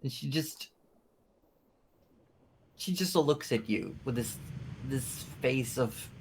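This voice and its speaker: A man's voice: mid-range voice, expressive, slow pace, vocal fry, darkish tone, a little hiss or hum. A man with an Australian accent narrating a tabletop game as game master, describing scenes with lots of fillers. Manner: descriptive, filler-heavy storytelling.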